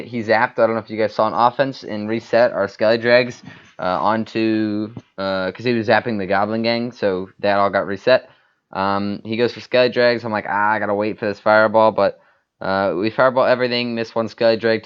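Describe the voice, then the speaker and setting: A man's voice: on the low side, smooth, lo-fi sound. A man giving casual, rambling commentary over a mobile game replay, full of fillers and restarts. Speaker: gaming YouTuber.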